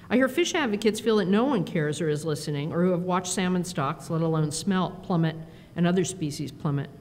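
A middle-aged woman giving a conference keynote, telling stories in an animated, self-deprecating way with quick asides. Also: fairly low pitch, slight background noise. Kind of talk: storytelling speech. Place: performance hall. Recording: long hall reverb, faint ambience.

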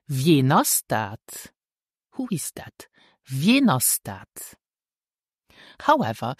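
A woman teaching a language lesson in a patient, deliberate way, often checking in with the listener. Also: deep voice, a little mellow, no room sound, clean studio sound. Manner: patient, slow and deliberate, checks in with "hmm?" and "okay?".

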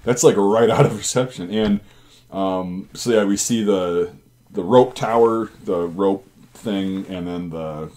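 A man's voice: sits low, unhurried, warm tone. A man hosting his channel, casually telling army stories in a rambling, profane way. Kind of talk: casual storytelling.

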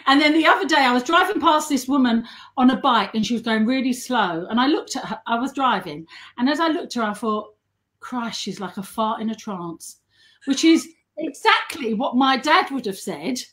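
A middle-aged woman telling self-mocking anecdotes in a casual chat, chatty and quick to laugh. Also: sits high, lively intonation, fairly bright tone. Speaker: guest and model.

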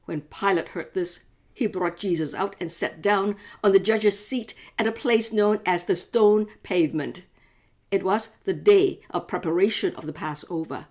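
A woman hosting a daily devotional, reading scripture in a measured, clear way. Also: lowish voice, darkish tone. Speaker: devotional host.

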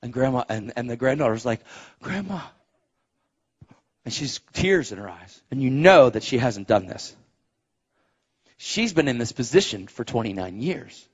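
A middle-aged man preaching a sermon as a story, animated, dropping to a hush and rising to shouts. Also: mid-range voice, normal speed, slightly rough, lo-fi sound. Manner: animated, swings from hushed to shouting.

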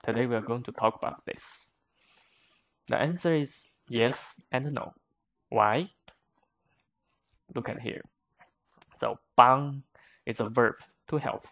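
A man teaches vocabulary in a slow, unhurried delivery. He is a native Chinese speaker, explaining each point patiently and step by step, with frequent fillers. His voice sits at a middle pitch. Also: fairly bright tone.

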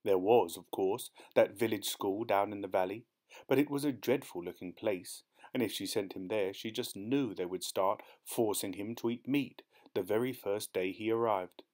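A man narrating an audiobook in a measured storytelling manner. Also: lowish voice, darkish tone.

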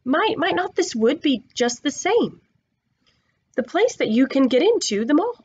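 A woman voicing an eager young schoolboy who is full of ideas and talks excitedly. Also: high-pitched, a little slow, dull audio, voice pushed up.

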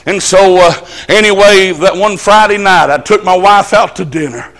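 A man's voice: high-pitched, moderate pace, fairly bright tone. A man preaching at a church service, telling stories in a folksy, emphatic country way. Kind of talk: storytelling sermon.

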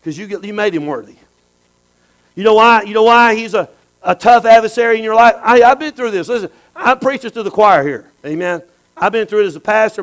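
A high-voiced man preaching a sermon. He talks to the congregation in a loose, lively way, drops low for asides and climbs into loud cries. The talk swings between quiet and loud. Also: low-quality recording. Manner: animated preaching that swings from soft asides to shouts. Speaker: pastor.

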